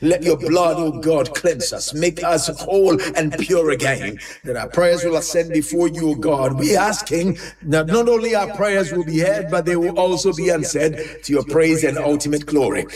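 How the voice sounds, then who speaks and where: Man leading prayer, fairly high voice, slow half-sung repetitive cadence, a bit off-mic. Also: a little mellow. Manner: speaks in tongues. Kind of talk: sermon and congregational prayer. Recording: voice somewhat distant from mic.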